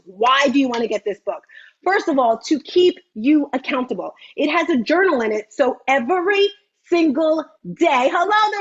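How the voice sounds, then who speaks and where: Brief: woman, fifties, fitness host, lively live-stream pitch, bright high voice, slightly muffled audio. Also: breathy edge. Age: 50s. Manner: animated, chatty, repeats phrases for emphasis. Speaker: host of an online fitness meeting.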